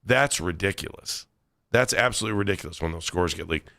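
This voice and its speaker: Male radio host, deep gravelly voice, stammering chat, dry studio sound. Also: brisk, pushed and bright, dry recording. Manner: conversational, stammering restarts. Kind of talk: sports talk radio.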